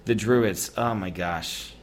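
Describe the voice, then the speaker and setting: Slow and somewhat low-voiced, this American podcast co-host keeps things loose and joking. He rambles through the conversation and laughs frequently.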